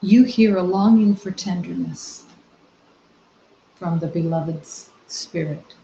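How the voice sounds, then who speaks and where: A woman spiritual teacher giving a meditative talk, soft-spoken and gentle, with long reflective pauses. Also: lowish voice, gravelly, slight background noise. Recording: roomy, slightly dull recording.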